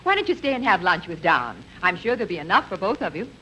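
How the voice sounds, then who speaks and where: A sugary doting housewife. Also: female voice, on the low side, big pitch swings, fast talker, pushed and bright, low-quality recording. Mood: sweet. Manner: sugary, coaxing and sing-song. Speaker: announcer's wife. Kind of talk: 1950s radio comedy acting. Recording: faint hiss of old radio broadcast.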